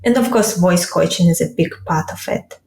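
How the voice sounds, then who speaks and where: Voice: medium pitch, normal speed, creaky, a little mellow. A podcast host asking an interview guest curious, open questions. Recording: echoey room.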